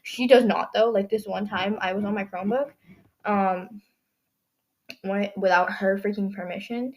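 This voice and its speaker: A teenage girl hosts her own casual solo podcast, chatty and rambling with "like" in every sentence, her throat dry and scratchy. Her voice is medium-pitched with a steady tone at normal speed.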